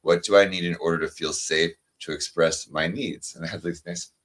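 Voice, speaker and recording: Man, very low voice, casual card reader, slow soothing delivery. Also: fairly even intonation, fairly bright tone. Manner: reads cards aloud slowly and soothingly. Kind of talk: casual chat.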